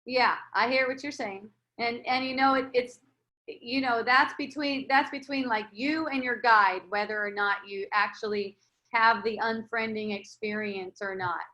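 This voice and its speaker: A woman leading a casual spiritual dialogue, speaking gently and reassuringly with many restarts. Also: on the high side, fairly even intonation, a little slow. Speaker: spiritual teacher.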